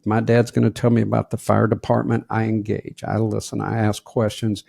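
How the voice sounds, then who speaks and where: A man's voice: lowish voice, monotone, normal speed, mellow, no echo, studio quality. A middle-aged man co-hosting a podcast, chatting casually with self-mocking humor and stories. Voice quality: gravelly. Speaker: podcast co-host. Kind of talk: casual chat.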